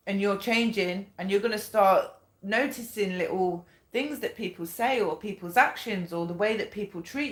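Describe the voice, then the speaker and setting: A woman talks through a tarot reading in a loose, chatty way. She repeats her points and swears bluntly at times. Her mid-range voice rings in an echoey room. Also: medium pitch. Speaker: tarot reader. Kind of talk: casual spoken tarot reading.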